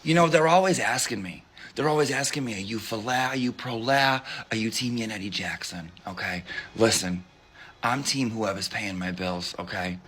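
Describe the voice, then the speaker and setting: A man's voice: on the low side, normal speed, a bit bright, breathy edge. A man playing a brash, bossy woman judge, in a sassy, scolding, wisecracking parody sketch. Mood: scheming. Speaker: comedian.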